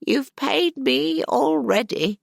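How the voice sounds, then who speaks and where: A woman's voice: sing-song, vocal fry, no room sound, clean studio sound, exaggerated voice. A woman voicing a chatty, bossy old woman over eighty who tells stories at an inn. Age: over 80 (figure). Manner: high, slow and loud calls.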